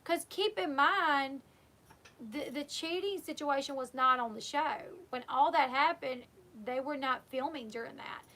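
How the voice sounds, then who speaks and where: High-voiced woman chatting through a recap. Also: a little slow, bright, forceful tone. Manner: conversational and opinionated, acting out quotes. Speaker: YouTuber recapping a reality show.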